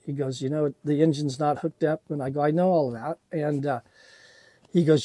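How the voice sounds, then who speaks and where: Older man, rambling, mellow tone. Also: a little high, moderate pace, breathy edge, dry recording. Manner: rambling, self-deprecating, many fillers. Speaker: sailing vlogger. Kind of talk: casual storytelling.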